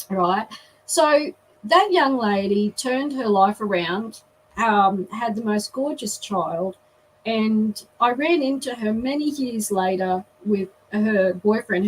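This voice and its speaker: A woman, a guest telling a lively story in an interview. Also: medium pitch, distant mic, slight background noise, poor audio.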